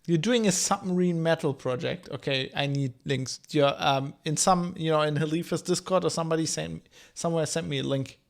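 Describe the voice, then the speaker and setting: A man in his thirties from Germany with a mixed, slightly German English accent, chatting loosely while streaming a game and reading chat aloud, with a slight rasp. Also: on the high side, fairly quick, hardly any pauses. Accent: German-tinged mixed English. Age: 30s. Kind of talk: casual game commentary.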